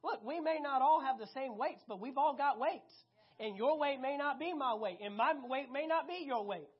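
A preacher delivering a sermon, emphatic and animated, repeating key phrases and swinging between loud and hushed. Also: high-pitched, normal speed. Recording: dull lo-fi recording.

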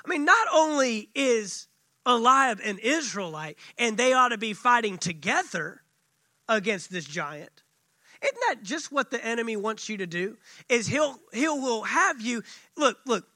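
A man's voice: very high-pitched, expressive, measured pace, sharp tone, dry recording. A man preaching a sermon as pastor. He speaks emphatically and repeats phrases for weight. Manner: emphatic, repetitive preaching with acted quotes.

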